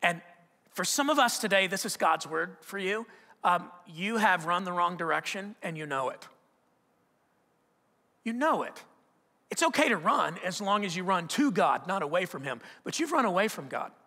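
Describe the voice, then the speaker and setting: A man preaching a sermon as pastor, talking conversationally, repeating and restarting words, and growing animated and loud in stories. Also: high-pitched, moderate pace. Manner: grows animated and loud when telling stories. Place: church auditorium. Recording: long hall reverb from the church auditorium.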